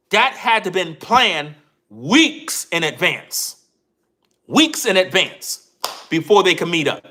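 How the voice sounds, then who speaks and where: A man's voice: high voice, pushed and bright. A man giving an emphatic commentary rant as a YouTube commentator, repeating himself and addressing viewers directly.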